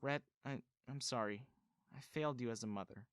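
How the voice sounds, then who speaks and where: A man voicing a departing mother who speaks in a quiet, resigned way. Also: mid-range voice, brisk, clear, resonant tone, no echo, studio quality, lightly acted. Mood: sad resigned. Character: departing mother, sad and apologetic.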